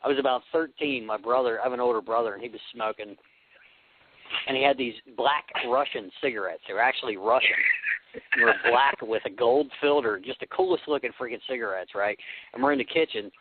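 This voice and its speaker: A man's voice: mid-range voice, brisk, very noisy. Easygoing singer man on a tinny line. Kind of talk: casual talk-radio chat. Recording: tinny phone-like radio audio.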